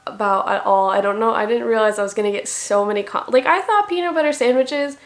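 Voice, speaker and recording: A woman's voice: on the high side, quick pace. A young woman reading comments aloud at home in a dry, self-mocking way. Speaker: vlogger.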